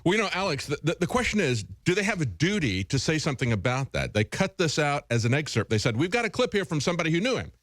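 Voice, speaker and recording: A man co-hosting talk radio, asking questions in a quick, indignant manner. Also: fairly high pitch, big pitch swings, a bit bright, dry recording. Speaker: co-host reporter.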